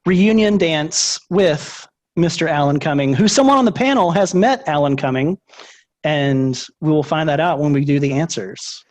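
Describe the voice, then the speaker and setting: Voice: mid-range voice, normal speed, a little mellow. A host running a movie trivia game over a video call, chatty and upbeat.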